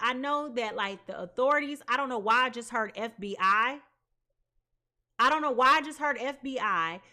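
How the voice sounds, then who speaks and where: A woman's voice: on the high side, sharp tone. A woman giving a live tarot reading, talking in an emphatic, repetitive way with casual slang. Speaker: tarot reader.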